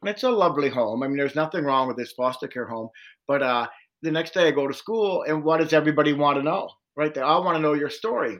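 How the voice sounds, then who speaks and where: A man with a fairly high voice tells a personal story in an interview. He is earnest and animated and slips into the voices of the people he remembers. It sounds like a sincere account of his own life. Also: fast, highs cut off. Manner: earnest, animated retelling with quoted dialogue. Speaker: social worker and domestic violence trainer.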